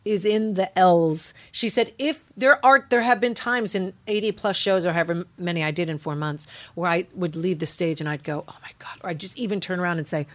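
A middle-aged woman co-hosting a podcast in casual chat, candid and brassy with quick wisecracks. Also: on the low side. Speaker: podcast co-host.

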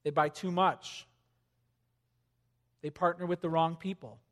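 High-voiced pastor preaching in a reverberant hall. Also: male voice, unhurried. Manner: animated, conversational, swings from loud emphasis to quiet. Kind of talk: sermon. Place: church hall with congregation.

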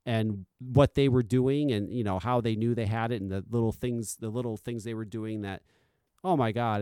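A man hosting a casual solo podcast, blunt and profane, swinging between loud insistence and quiet, confiding asides. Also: medium pitch, clear, resonant tone, dry recording, studio quality. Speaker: podcast host.

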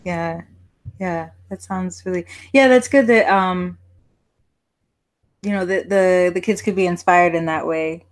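A woman's voice: lowish voice, measured pace, pauses often. A woman interviewing someone in a casual chat, asking questions with a hesitant manner and plenty of fillers. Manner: hesitant, many fillers and restarts, soft laughs.

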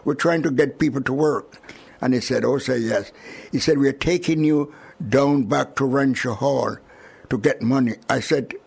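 An older man from Jamaica with a Jamaican accent, recalling his arrival in an oral history interview with chuckles and lively retelling. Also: mid-range voice, normal speed, gravelly, husky. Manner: chuckling, animated storyteller.

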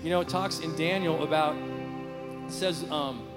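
A man preaching an improvised sermon into a handheld mic in a church, rambling and growing fervent and loud. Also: a little high, steady tone, a little slow, big-room sound. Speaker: pastor. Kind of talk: unscripted sermon. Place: church sanctuary. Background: worship music.

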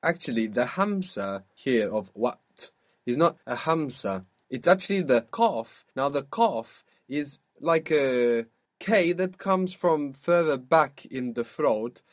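In a spoken language lesson, a man drills phrases with his student, patiently echoing every answer and explaining how to pronounce it. He has a medium-pitched voice with lively intonation and takes things slowly.

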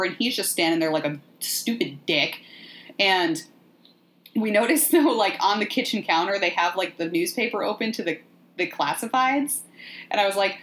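A woman hosting a podcast, recapping a movie in a sardonic, profane, animated way. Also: fairly low pitch, normal speed. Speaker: podcast host. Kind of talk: casual movie recap chat.

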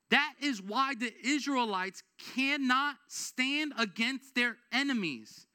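A man delivers a sermon as a pastor with a very high, bright voice. He preaches in a casual, conversational way with slang, then drives his points home with emphatic, rising exhortation. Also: slow, hardly any pauses, clean tone. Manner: energetic, rises to emphatic exhortation.

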